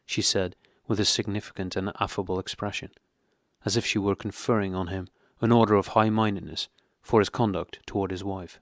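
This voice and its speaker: A man narrating an audiobook with a measured, even reading. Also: deep voice, no room sound, clean studio sound. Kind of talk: scripted narration.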